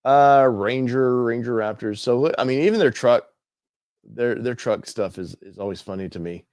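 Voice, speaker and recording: A man's voice: mid-range voice, normal speed, darkish tone, clean tone, dry recording, clean studio sound. A man hosting an automotive channel, talking casually and thinking aloud while he browses a website, with many fillers and restarts.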